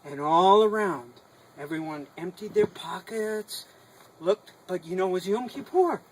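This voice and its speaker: A man tells a folk tale to a small group gathered in a sukkah, speaking slowly with a slightly high voice. He is dramatic and animated, dropping to a hush and then rising again. The talk is live and unscripted. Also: rough recording. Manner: dramatic, animated, with sudden shifts in loudness. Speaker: storyteller. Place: sukkah, a small outdoor booth.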